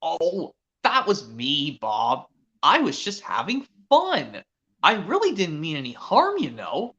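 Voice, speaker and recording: A man's voice: fairly high pitch, wildly swooping pitch, slow pace, sharp tone, heavily acted. A man voicing a cheeky male scarecrow making sheepish, whiny excuses, as a fan impression. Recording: lo-fi online voice chat.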